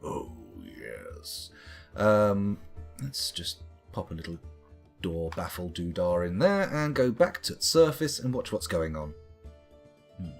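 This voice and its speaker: A man talks his way through a live game stream, his slightly husky voice rising and falling a great deal as he rambles. He answers chat between moves in an easygoing way. Faint music plays underneath. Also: on the low side, expressive, unhurried, long pauses.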